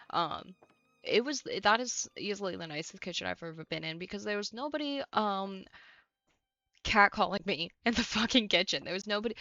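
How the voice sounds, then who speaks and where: A woman's voice: mid-range voice, sharp tone, dry recording, highs cut off. A young woman from the United States streaming a game, chatting casually and ranting bluntly with plenty of swearing. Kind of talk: casual stream chat while playing.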